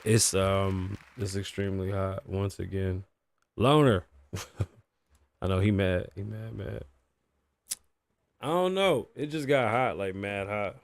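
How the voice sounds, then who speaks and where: A man hosting his own livestream podcast talks loosely to chat and to himself, swearing often, his voice worn and shot. It's lowish, slow, and creaky, with long pauses and no room sound.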